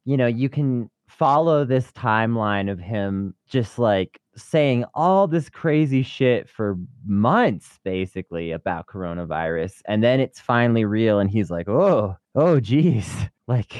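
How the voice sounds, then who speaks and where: A man co-hosting a podcast, speaking in a relaxed, thoughtful and slightly hesitant way. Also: fairly low pitch, a little slow, hardly any pauses, clean tone, no echo. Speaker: podcast co-host. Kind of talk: casual political chat. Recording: dull, dry close-mic sound.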